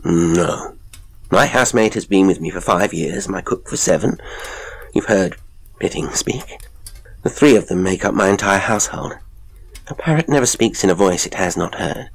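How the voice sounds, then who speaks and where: A man voicing a high-strung professor in a high, sharp voice, pressing his questions insistently. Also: animated, normal speed, gravelly, full character voice. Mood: agitated. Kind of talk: audiobook character voice.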